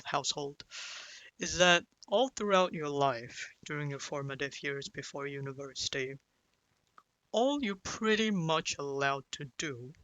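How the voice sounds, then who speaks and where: A young man rambles through a confessional story, swearing freely and leaning on fillers. His voice is bright and forceful, sitting a little high for a man. It is recorded close and dry. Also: no echo, poor audio. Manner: rambling and profane, with many fillers like "like" and "you know". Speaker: vlogger.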